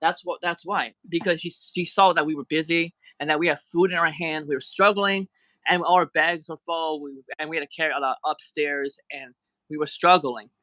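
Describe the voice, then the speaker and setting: A man's voice: a little high, steady tone, normal speed, pushed and bright, no echo, low-quality recording. A man ranting on a livestream, indignant and heated, going back over the same points again and again. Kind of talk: angry livestream rant.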